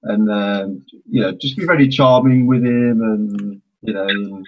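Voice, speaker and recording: A man's voice: fairly low pitch, unhurried. A man playing a tabletop game, talking hesitantly with many fillers and a polite tone. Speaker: tabletop player. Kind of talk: in-character roleplay and table talk. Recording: dull lo-fi recording.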